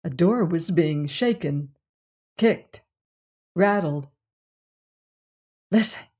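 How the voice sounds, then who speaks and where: A woman narrating an audiobook in a slow, measured way. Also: fairly low pitch, warm tone.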